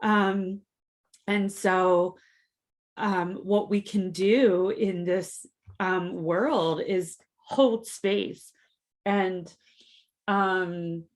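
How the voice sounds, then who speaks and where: A woman co-hosting a reflective podcast talk, her slow, low-pitched voice carrying a gravelly fry. She chooses her words with care, filling pauses with soft fillers, and sounds close to tears. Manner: thoughtful, searching for words with many fillers. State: emotional, near tears. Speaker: podcast co-host. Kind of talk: reflective casual conversation.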